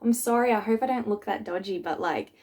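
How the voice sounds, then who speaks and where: A woman's voice: mid-range voice, a little fast. Sarcastic young woman reacting to memes. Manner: animated, sarcastic, with mocking put-on voices. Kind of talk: casual reaction vlog.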